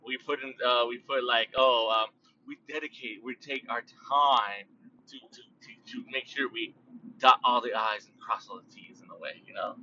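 A man hosting his own podcast, musing aloud in a loose, rambling monologue full of fillers, restarts and long drawn-out words. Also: medium pitch, fairly even intonation, pushed and bright, distant mic, dull audio, slight background noise. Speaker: podcast host.

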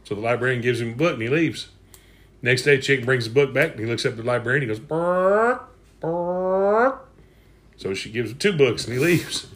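A man's voice: mid-range voice, fast, a bit bright. A man telling old jokes in casual chat, folksy and chuckling as he goes.

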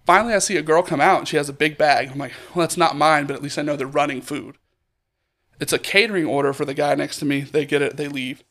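A man with a slightly high voice tells a story in a casual podcast chat. He swears freely and acts out every voice in the scene. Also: fast talker. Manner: animated, profane, acts out both sides of a story. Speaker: podcast co-host.

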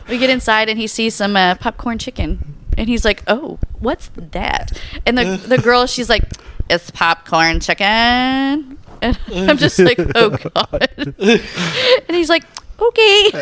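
A woman tells a story in a casual podcast chat. She is excitable and laughs often. She slips into little voices when she quotes people. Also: on the high side, normal speed, slight background noise.

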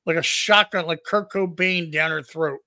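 A man's voice: on the high side, steady tone, normal speed, pushed and bright, no echo, clean studio sound. A man co-hosting a podcast, telling a profane story boisterously and acting out what people said. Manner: profane, boisterous, acts out quotes. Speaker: podcast co-host. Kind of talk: crude comedic storytelling.

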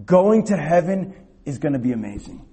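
A man preaching a youth sermon, telling a lively personal story and checking in with his listeners as he goes. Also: a little high, normal speed, slightly rough. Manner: animated storyteller, acts out shouted quotes, rhetorical "okay?" and "all right?".

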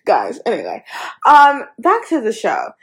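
A woman's voice: fairly high pitch, wildly swooping pitch, unhurried. A young woman in casual chat about a TV show, playful and teasing, jumping from joke to joke. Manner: playful, teasing, jumps between jokes. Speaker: co-host.

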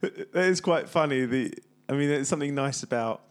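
A man's voice: medium pitch, normal speed, noisy background. A man co-hosting a podcast, teasing and dry in casual chat. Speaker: podcast co-host.

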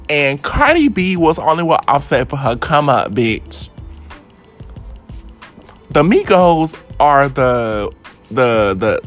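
Sassy, lively woman vlogger. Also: very deep voice. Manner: sassy, profane, drawn-out emphatic repeats. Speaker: vlog host. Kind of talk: casual celebrity gossip rant.

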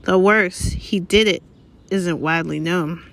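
A woman's voice: lowish voice, a little slow, gravelly, a bit bright. A woman reading as a pompous male minister. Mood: pompous, grave. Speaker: reader. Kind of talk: read-aloud audiobook.

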